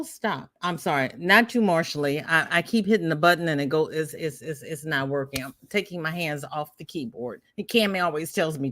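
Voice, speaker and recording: Older woman, livestream host, low and unhurried, chatty and teasing, dry close sound. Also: a bit bright, no room sound. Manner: chatty, reads viewer comments aloud, teasing. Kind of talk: casual livestream chat.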